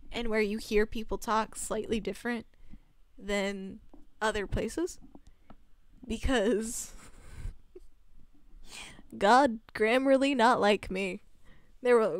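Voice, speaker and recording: A woman's voice: on the high side, dry recording, clean studio sound. A young woman streamer with a subtle Southern US accent, chatting casually and rambling, laughing often. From Southern United States. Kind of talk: casual livestream chat with chat readers.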